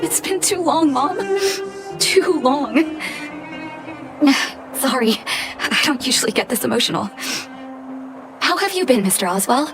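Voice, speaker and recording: An actress voicing a gentle young woman in a game cutscene, speaking softly and reflectively with sighs. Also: high voice, big pitch swings, measured pace, pauses often, heavily acted. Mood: emotional. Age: young adult. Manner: soft, reflective, sighing. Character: gentle grown-up orphan woman, heartfelt. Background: game music.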